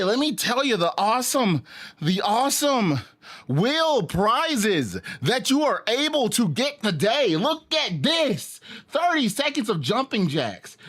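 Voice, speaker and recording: Puffing, animated live streamer. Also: medium pitch. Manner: animated, sighing and puffing between sentences. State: out of breath. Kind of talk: casual live-stream chat while exercising.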